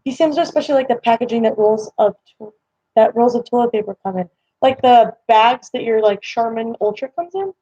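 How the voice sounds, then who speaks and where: A woman's voice: fairly high pitch, brisk, warm tone, slightly rough, dry recording. Chatty young woman live-streaming from home. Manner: chatty, rambling, lots of fillers. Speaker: livestream host. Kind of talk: casual live-stream chat. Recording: slightly dull lo-fi stream audio.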